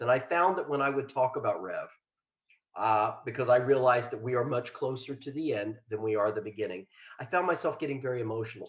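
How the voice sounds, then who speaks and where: An older man from Ohio, a retired state trooper, giving a plainspoken, earnest talk on self-care with self-deprecating asides. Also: medium pitch. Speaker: mental health liaison, former state trooper. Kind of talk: webinar presentation. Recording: roomy, dull lo-fi sound.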